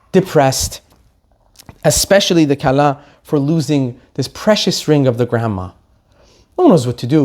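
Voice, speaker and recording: Animated male rabbi telling a story. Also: a little high. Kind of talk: sermon storytelling.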